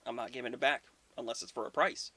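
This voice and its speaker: A man's voice: medium pitch, steady tone, fast, sharp tone. A man voicing a greedy male ogre who bargains smugly over a stolen hammer. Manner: smug, bargaining.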